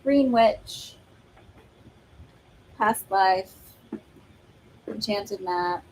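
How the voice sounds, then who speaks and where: A woman's voice: mid-range voice, drawn-out words, noisy background. A woman hosting a live stream of oracle card readings, talking in a chatty, rambling way with lots of fillers and laughs. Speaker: psychic medium host.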